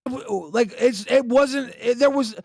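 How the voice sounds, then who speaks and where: High, gravelly man, halting. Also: dry recording. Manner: hesitant, halting, stumbles over words. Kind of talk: defensive explanation in recorded call.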